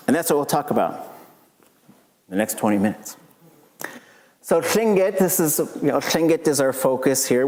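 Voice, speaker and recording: Chatty male lecturer in an echoing hall. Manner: relaxed, chatty, joking asides, lively pitch jumps. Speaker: language professor giving a lecture. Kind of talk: casual lecture. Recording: long reverb of a lecture hall.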